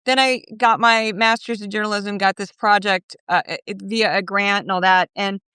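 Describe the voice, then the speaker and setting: A middle-aged woman chatting as an interview guest over her phone, animated and quick with laughing asides. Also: medium pitch, clear, resonant tone, dry recording. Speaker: podcast guest. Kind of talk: casual interview chat.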